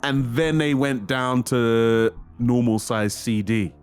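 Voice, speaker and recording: A man's voice: mid-range voice, fairly even intonation, clear, resonant tone, faint music behind. A man co-hosting a podcast in casual chat, with a playful, joking manner. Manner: playful, quick to laugh and joke. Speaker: podcast co-host.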